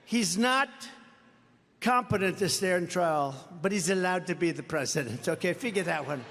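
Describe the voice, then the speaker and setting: A man's voice: high-pitched, lively intonation, normal speed, a bit bright. Older American man, boastful rally speech. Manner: boastful, mocking, repetitive. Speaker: political rally speaker. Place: large indoor rally venue. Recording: reverberant arena sound with faint crowd ambience.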